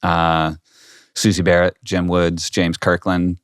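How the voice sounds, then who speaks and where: A man with a lowish voice giving blunt opinions and telling anecdotes on a podcast. His voice is dry and close on a studio mic. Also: monotone, slow, clear, resonant tone, no room sound. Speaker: podcast co-host. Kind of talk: casual chat.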